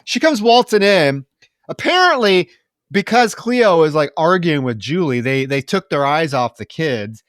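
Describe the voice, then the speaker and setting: A man co-hosting a film podcast, recapping the plot in casual chat, animated and profane, laughing often. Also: a little high, unhurried, dry recording, clean studio sound. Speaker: podcast co-host.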